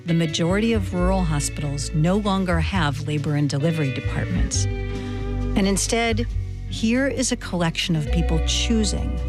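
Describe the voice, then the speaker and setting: Woman narrating over soft guitar. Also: fairly low pitch. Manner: measured, plain storytelling. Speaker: reporter and narrator. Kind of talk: scripted documentary narration. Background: soft guitar music.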